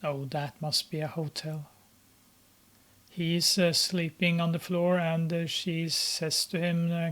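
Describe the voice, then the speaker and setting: A film commentator talks through a movie as it plays, in an unhurried, casual way. The voice stays flat and even, with little rise or fall. Frequent pauses and fillers break up the thoughts. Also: mid-range voice. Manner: hesitant, many filler pauses. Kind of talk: casual running commentary while watching a film.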